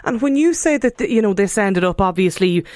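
A woman's voice: medium pitch, expressive, a little fast, no echo, studio quality. Woman hosting a talk show. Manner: reads listener emails aloud, gentle prompting. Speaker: radio talk show host. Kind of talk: live radio talk show. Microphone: studio microphone.

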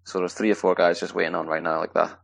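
A man from Scotland, a hockey player answering podcast questions in a relaxed, rambling way with plenty of fillers. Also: deep voice, quick pace, gravelly. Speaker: guest ice hockey player. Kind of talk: casual podcast interview.

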